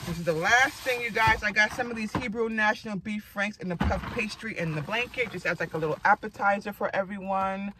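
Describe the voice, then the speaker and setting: A woman's voice: fairly low pitch, sharp tone, slight background noise, rough recording. A woman in her forties vlogging in a casual, rambling way and laughing often. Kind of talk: casual chat.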